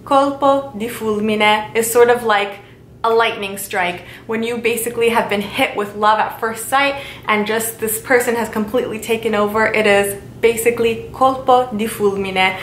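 Woman, online language teacher, slow careful repetition of phrases, echoey room, faint rumble behind. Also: fairly even intonation, a bit bright. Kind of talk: casual video lesson.

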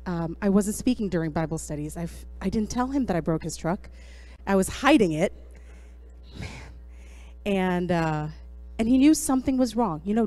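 A woman's voice: mid-range voice, darkish tone, no echo. Woman giving a heartfelt church tribute. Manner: emotional, laughing and halting with fillers. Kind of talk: heartfelt testimony to a congregation. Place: church sanctuary.

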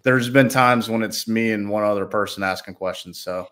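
An easygoing Southern man, guesting as a college sports reporter. His voice is on the low side, and he reports in a relaxed, matter-of-fact way. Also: moderate pace. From Spartanburg County, South Carolina. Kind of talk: casual sports talk.

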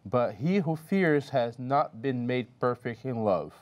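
A man in a Bible study reading two verses aloud, deliberately. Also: medium pitch, animated.

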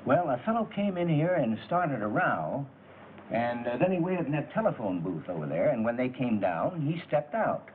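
A man's voice: medium pitch, moderate pace, natural voice. An actor playing an obliging hotel desk clerk who recounts what he saw. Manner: obliging, animated storytelling. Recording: tinny old film soundtrack with hiss.

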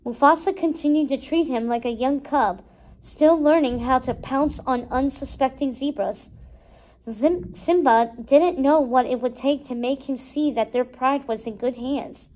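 A woman reading a storybook aloud with steady, expressive narration. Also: sits high, a little slow, low-quality recording. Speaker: storybook reader.

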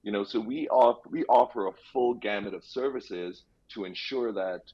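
A man speaking as a real estate guest on a radio interview, explaining things in an easygoing way with quick asides. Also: on the low side, dark tone, husky. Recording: dull lo-fi line.

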